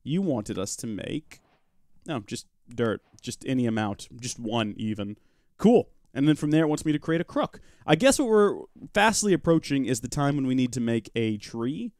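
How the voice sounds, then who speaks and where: A mid-range male voice with a darkish tone speaks at a normal speed, recorded at studio quality with no room sound. The speaker hosts a live gaming stream, commenting on his Minecraft modpack let's-play and chatting casually with viewers. Chatty and joking, he addresses chat and his in-game pet rock along the way.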